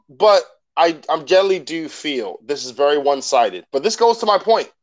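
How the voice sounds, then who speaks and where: A man co-hosting a podcast in a casual chat, laughing often and joking around. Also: a little high. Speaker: podcast co-host.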